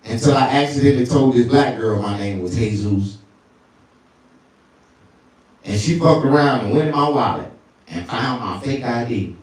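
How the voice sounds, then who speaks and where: A male stand-up comedian telling crude stories, often jumping into falsetto. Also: expressive, normal speed, long pauses, very echoey, recorded from a distance. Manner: crude, storytelling, swings into falsetto.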